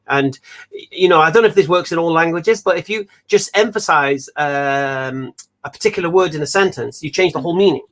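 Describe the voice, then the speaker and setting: Chatty, high-pitched man. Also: fairly bright tone. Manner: chatty, repeats himself, laughs often. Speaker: host. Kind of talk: casual conversation.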